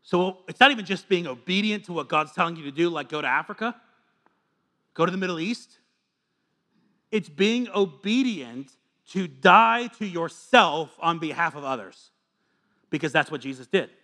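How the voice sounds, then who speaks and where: A male pastor preaches a sermon to a gathered congregation, earnest and confessional in tone. His voice is a little high and animated, and he moves at a moderate pace between quiet asides and emphatic, repeated lines.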